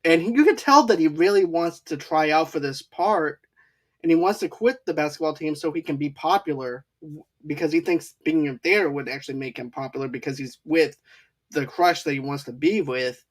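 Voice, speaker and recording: A man hosting a casual movie review podcast, rambling through plot recaps. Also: a little high. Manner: rambling plot recaps with quick acted quotes. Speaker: podcast host.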